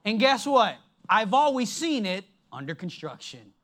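A preacher giving a sermon in an emphatic, deliberate way, dropping his voice low to stress points. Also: big pitch swings, a bit bright.

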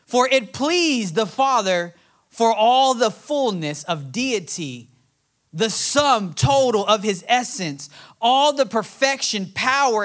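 Man, pastor, sermon, unhurried delivery, passionate emphasis, scripture reading. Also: sits high, fairly bright tone. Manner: impassioned, emphatic preaching that reads scripture aloud.

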